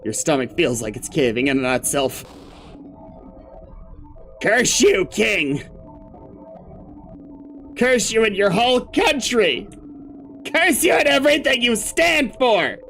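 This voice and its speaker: A man's voice: mid-range voice, brisk, hardly any pauses, soft background music, natural voice. A man voicing a desperate young hero in a video game, crying out in frantic pleas. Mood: pleading. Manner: frantic pleading cries.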